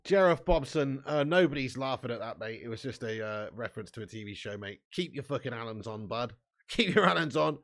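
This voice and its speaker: A man's voice: mid-range voice, lively intonation, fairly quick, fairly bright tone. A man hosting a live football watch-along. He reads chat comments aloud and talks in a casual, sweary way. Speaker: fan channel host.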